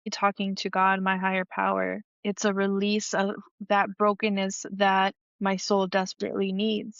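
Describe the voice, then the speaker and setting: A woman's voice: mid-range voice, a bit bright, no room sound. A woman hosting a faith-based podcast, speaking earnestly and vulnerably about her struggles, close to tears at times. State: emotional, near tears. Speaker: podcast host. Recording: dull, dry lo-fi audio.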